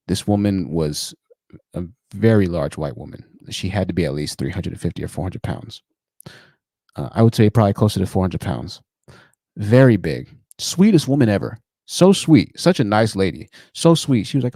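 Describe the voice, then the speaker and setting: A man hosting a livestream call-in show, telling stories in a chatty, animated way and laughing at his own jokes. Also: medium pitch, normal speed, dry recording, studio quality. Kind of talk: livestream commentary and storytelling.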